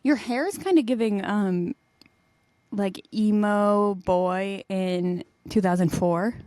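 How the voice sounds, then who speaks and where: A young adult woman co-hosting a podcast, telling stories in a lively way and laughing as she goes. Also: mid-range voice, slow, dry recording. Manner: animated storyteller, laughs mid-sentence. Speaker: podcast co-host. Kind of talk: casual chat.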